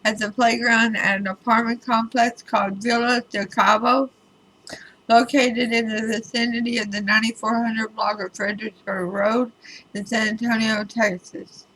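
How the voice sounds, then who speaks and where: A woman's voice: on the high side, little pitch movement, normal speed, fairly bright tone, slight background noise, poor audio. A woman tarot reader talking casually to her viewers, chatty and emphatic with wry asides. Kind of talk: casual spoken tarot reading video.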